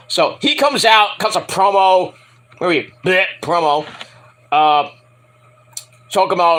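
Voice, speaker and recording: Young male reviewer, high bright voice, lively rambling delivery. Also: a little slow. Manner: rambling, animated, mimics wrestlers in shouted bursts. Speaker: wrestling show reviewer. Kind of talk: casual solo review.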